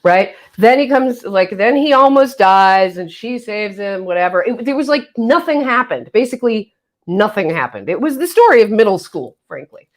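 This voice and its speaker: A woman's voice: medium pitch, sing-song, moderate pace. A woman hosting a casual livestream, reading viewer comments with a playful, jokey manner and mock-solemn asides, on a webcam mic. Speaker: livestream host.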